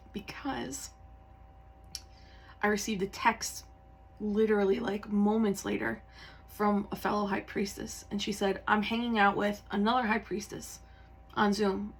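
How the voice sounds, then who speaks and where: Woman, tarot reader, confessional casual talk, tearful, rambling, middle pitch. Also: slight background noise. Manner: candid, rambling, with many fillers and self-corrections.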